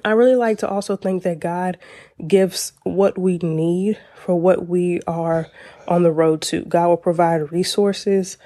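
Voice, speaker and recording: A young woman hosting a faith and mindset podcast, chatty and encouraging, often breaking into laughter. Her voice is mellow and slightly low, recorded close and dry with no room sound. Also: fairly even intonation, a little slow, no echo. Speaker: podcast host. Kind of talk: casual faith and mindset talk.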